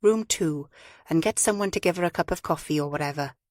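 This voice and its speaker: A calm male chief inspector, curt and matter-of-fact, in a low, unhurried voice, as a woman narrator plays him. He asks short, plain questions and gives brief orders. The recording is close and dry. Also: no echo, lightly acted.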